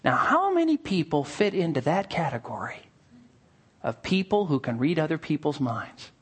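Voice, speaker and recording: A male pastor delivers a sermon in a lively, sing-song voice that climbs and dips widely. He drops to near-hushed asides, then bursts out excitedly. He acts out little scenes with playful voices. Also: on the high side, moderate pace, husky.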